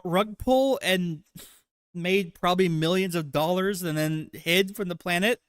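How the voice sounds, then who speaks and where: Streamer guy, rambling crude commentary, fairly high voice, dead-dry mic. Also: a bit bright, no echo. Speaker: livestream host. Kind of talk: casual livestream commentary.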